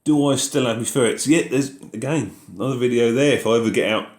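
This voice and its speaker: A man's voice: mid-range voice, fast, a little mellow, roomy sound. A man hosting a casual live question-and-answer chat about farming, reading out viewer messages and answering them in an easygoing way.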